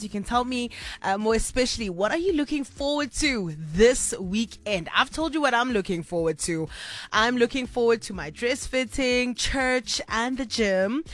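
A woman's voice: fairly high pitch, fairly bright tone, no room sound. A woman with a South African accent hosting a late-night radio show, bubbly and chatty, laughing often. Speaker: radio host. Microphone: studio microphone.

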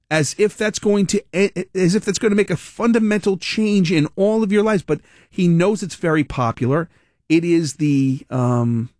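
A man hosting a political talk radio show, giving animated, rambling, sarcastic commentary. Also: fairly high pitch, dry recording, studio quality.

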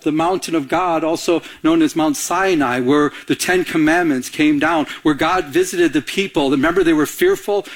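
A man preaching a sermon as pastor, animated and quoting scripture with acted-out voices. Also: a little high.

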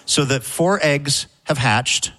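A man's voice: mid-range voice, takes it slowly, fairly bright tone. A middle-aged man hosts from a radio studio, spinning a light news item into a chatty story. His humor is wry and self-mocking, and he slips jokes in as he goes. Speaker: radio show host. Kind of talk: chatty storytelling with comic asides.

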